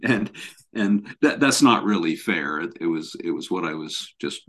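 A man's voice: deep voice, expressive, normal speed, fairly bright tone. A man who is a professor of spine biomechanics, speaking as a podcast guest and telling stories earnestly, often repeating words as he restarts. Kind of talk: conversational storytelling.

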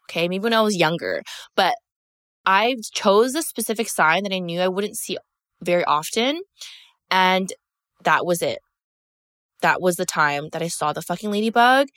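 A woman's voice: mid-range voice, a bit bright, no echo, clean studio sound. Candid young woman telling a story. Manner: candid and emphatic, heavy swearing and filler "like". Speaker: podcast host. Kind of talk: casual storytelling monologue.

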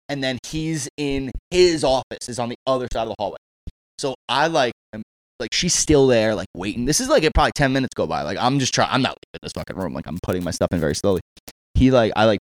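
A man's voice: mid-range voice, quick pace, no room sound. A man co-hosting a casual talk show, telling a story with plenty of swearing and laughter, acting out others' lines in raised voices. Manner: animated, acts out quotes in raised voices; profane, laughs often. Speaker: podcast co-host.

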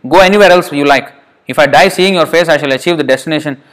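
A man's voice: fairly high pitch, quick pace, a bit bright, natural voice. A man voicing a dying old male ascetic who grieves and angrily drives away his disciple. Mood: anguished. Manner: anguished, scolding.

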